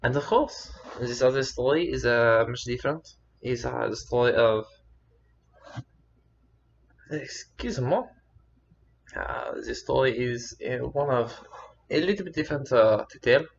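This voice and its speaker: A man telling a personal story to camera in a rambling, halting way, with many fillers and restarts. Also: medium pitch, vocal fry, dull audio. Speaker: vlogger.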